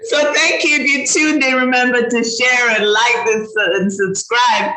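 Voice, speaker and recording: A woman hosting a children's show who talks in a bright, forward voice and is casual and encouraging with her guests. Her voice sits in a roomy, echoing space. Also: a little high, steady tone, unhurried. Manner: warm, encouraging, thankful. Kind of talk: casual chat. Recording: roomy echo.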